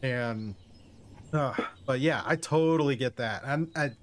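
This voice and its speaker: Smooth-voiced soft-spoken streamer man. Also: mid-range voice, a little slow. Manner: soft-spoken, self-effacing. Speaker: streamer host. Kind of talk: casual chat. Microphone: streaming setup.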